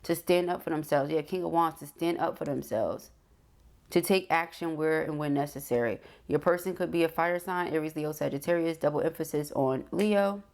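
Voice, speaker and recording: A woman's voice: low-pitched, moderate pace, darkish tone. A woman giving a tarot reading, speaking directly to her viewer and often checking in with "okay?". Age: adult. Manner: frequent "okay?" check-ins, affirming. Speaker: tarot reader.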